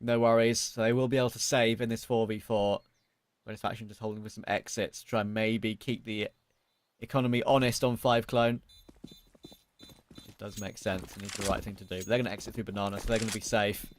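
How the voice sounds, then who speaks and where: A man doing live play-by-play esports commentary, calling the action quickly and excitedly. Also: fairly low pitch, dry recording. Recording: broadcast with clear background noise.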